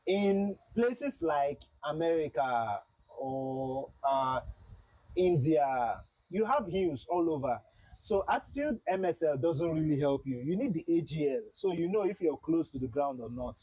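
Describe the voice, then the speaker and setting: A man's voice: a little high, lively intonation, a little slow, dark tone, slightly rough, no room sound, rough recording. A man livestreaming a flight simulator, chatting casually with viewers and repeating himself as he flies.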